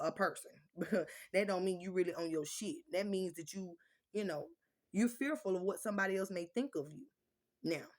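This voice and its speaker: Blunt, cussing woman ranting to viewers. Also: on the high side. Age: adult with children. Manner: blunt, profane, animated storytelling. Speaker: vlogger. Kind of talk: casual chat to viewers.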